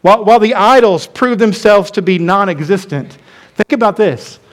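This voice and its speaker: A man's voice: high voice, animated, moderate pace. A male pastor preaching a sermon, stressing points by repeating phrases and calling the congregation to respond.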